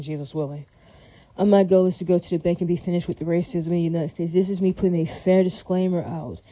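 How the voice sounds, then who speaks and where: Dark-voiced man ranting insistently. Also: sits high, no echo, rough recording. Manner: repetitive, profane, insistent warnings. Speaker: vlogger. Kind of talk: ranting monologue to camera.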